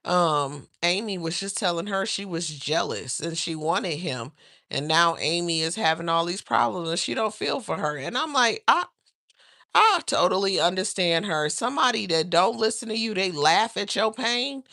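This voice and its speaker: Woman livestream host, lower voice, gossipy and laughing, dry close sound. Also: moderate pace, vocal fry, no echo. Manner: chatty, animated, laughs often, talks to the chat. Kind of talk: casual celebrity gossip livestream.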